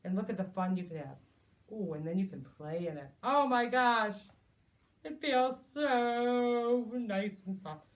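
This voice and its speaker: A woman preschool teacher reading a picture book aloud to children, animated and exclaiming in a sing-song way. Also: mid-range voice, measured pace.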